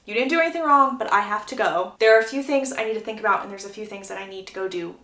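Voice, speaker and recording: Give me a woman doing a quiet, hesitant young suitor from a period romance, with a roomy echo. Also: mid-range voice, rapid-fire, natural voice. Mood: apologetic. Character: young man, reserved suitor. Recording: echoey room.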